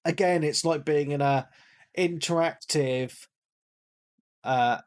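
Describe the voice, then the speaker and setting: Rambling man, hoarse and losing his voice. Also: on the high side, takes it slowly. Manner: rambling, repeats words, calls himself a big nerd. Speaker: podcast co-host. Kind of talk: casual chat.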